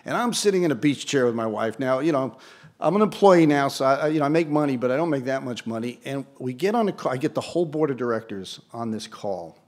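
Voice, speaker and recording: A man's voice: mid-range voice, expressive, quick pace. A man in his sixties gives a speech to an audience at an event. He tells an anecdote with dry, self-deprecating asides. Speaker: award ceremony speaker. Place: event hall before an audience.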